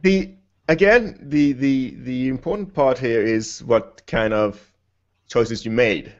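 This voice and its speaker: A man's voice: medium pitch, slow, muffled recording. A man co-hosting a casual podcast about a video game, speaking hesitantly with frequent restarts. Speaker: podcast co-host.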